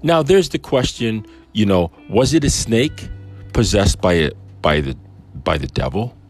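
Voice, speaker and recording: A man's voice: lowish voice, expressive, measured pace, faint music behind. A man teaching on a Bible passage in a casual, musing way, asking lots of rhetorical questions.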